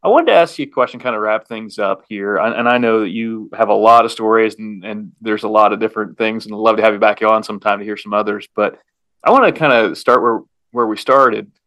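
A male podcast host with a lowish but bright, forward voice chats easily with his guest. He sounds encouraging and casual, recorded close and dry. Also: brisk, dry recording. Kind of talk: casual interview chat.

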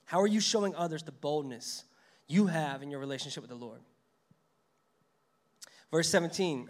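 A man's voice: a little high, fairly quick. A man preaching a sermon in a casual, conversational way, reading verses aloud and acting out the lines of the story. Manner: conversational preaching, reads scripture aloud, acts out quotes. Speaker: pastor.

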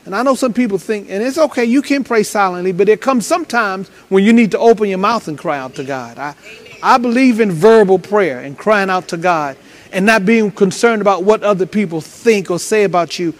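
A man preaching a sermon as pastor, swinging between loud, driving preaching and low, stumbling talk full of repeated words. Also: expressive, brisk.

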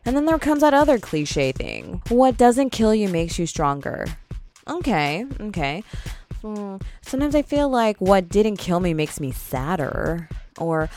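A woman's voice: very animated, a little slow, darkish tone, soft background music. A young woman hosting a solo podcast, talking casually and candidly with emphatic swings in her voice. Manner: chatty, candid, emphatic with pitch jumps. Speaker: podcast host.

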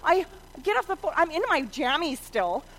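Woman, middle-aged, animated storytelling, very expressive pitch, dramatic. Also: normal speed, poor audio. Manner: dramatic, acts out voices, shifts from shouting to hushed. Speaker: mother telling a story.

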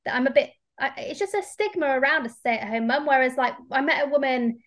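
Woman, 30s, candid podcast co-host, higher voice, chatty and frank. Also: a little fast. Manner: chatty, candid, animated when ranting. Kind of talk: casual podcast chat.

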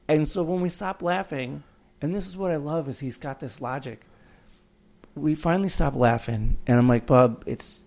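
A man's voice: mid-range voice, brisk, a little mellow. A man in his thirties co-hosting a podcast, telling a rambling story in casual chat and laughing along as he goes. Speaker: podcast co-host.

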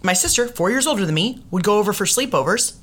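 Bright-voiced woman telling funny stories. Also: medium pitch, fast talker. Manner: animated storytelling with funny voices. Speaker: podcast guest, comedian. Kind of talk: casual chat.

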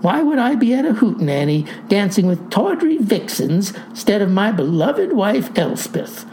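A woman's voice: medium pitch, very animated, normal speed, mellow, a little hiss or hum. A woman putting on a sly, folksy old farmer. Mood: breezy. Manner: folksy, airy and innocent-sounding. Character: eccentric older male farmer, breezy and sly.

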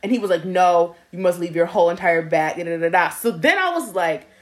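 This young woman's voice sits on the low side, and she talks a little fast. Her casual story is lively and full of laughter, with the things people said acted out.

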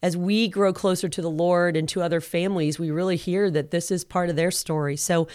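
A woman with a slightly low voice earnestly shares stories of friends in a faith conversation, dropping soft affirmations as her partner speaks. The sound is dry and close to the mic. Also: fairly even intonation, fairly quick, clean tone, dry recording. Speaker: podcast co-host. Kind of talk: casual faith-based conversation.

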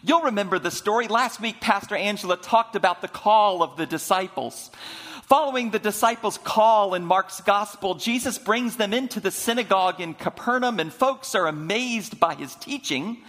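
High-voiced preacher in a reverberant sanctuary. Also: male voice, a bit bright. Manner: storytelling preacher, slows down for emphasis. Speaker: senior minister. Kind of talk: sermon. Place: church sanctuary. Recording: long reverb of a large sanctuary.

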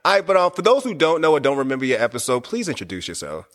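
A man from Boston hosts a casual podcast interview, talking fast and loose in slang. He sounds excited and laughs easily. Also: mid-range voice. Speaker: podcast host.

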